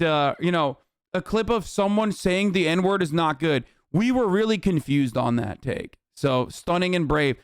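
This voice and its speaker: A man's voice: fairly high pitch, expressive, measured pace, clear, resonant tone, no echo. A man streaming reaction commentary, ranting in a heated, profane and sarcastic way into a close mic. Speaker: live streamer.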